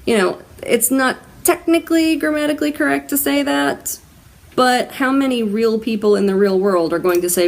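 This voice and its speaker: A woman's voice: sits high, normal speed, gravelly. A woman hosting a writing-tips lesson, explaining grammar rules in a casual, conversational way with spoken examples.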